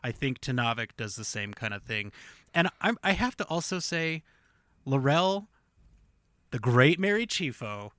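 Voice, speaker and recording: Bright-voiced enthusiastic man. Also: mid-range voice, very animated, a little slow, no echo. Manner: enthusiastic, fond of hedging "like". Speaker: podcast co-host. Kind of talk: casual chat.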